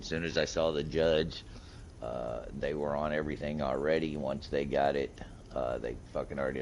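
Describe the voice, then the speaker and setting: A man streaming a game, telling a long story in casual, profane chat with lively retold quotes. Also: rumbling low, a little hiss or hum. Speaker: gaming streamer. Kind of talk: casual chat while gaming.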